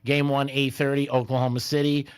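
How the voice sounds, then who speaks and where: A man's voice: medium pitch, flat delivery, brisk, smooth, dry recording. Joking male sports radio host, dry sound. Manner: joking, laughs often, talks about betting. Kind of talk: casual sports radio banter. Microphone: studio microphone.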